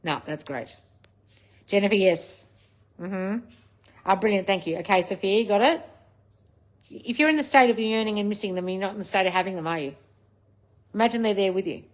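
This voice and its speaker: Woman live-streaming, reading comments, blunt n sweary, bossy coach vibe, mid pitch. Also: fairly quick, pauses often. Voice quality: blunt, swears freely, scolding coach manner. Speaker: livestream host answering viewer comments.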